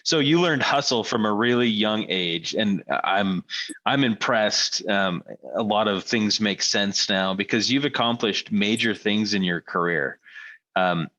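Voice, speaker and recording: A man hosting a podcast, asking questions in a relaxed, encouraging way. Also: lowish voice, a little slow. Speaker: podcast host. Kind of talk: casual interview. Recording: dull lo-fi audio.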